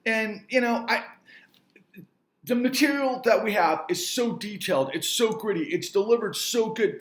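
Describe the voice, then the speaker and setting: A man's voice: sits high, expressive, moderate pace, reverberant. A man giving an angry, emphatic rant straight to his audience, repeating himself for force. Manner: angry, emphatic, repetitive, swearing mildly. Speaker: filmmaker and entrepreneur. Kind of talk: impassioned rant to camera.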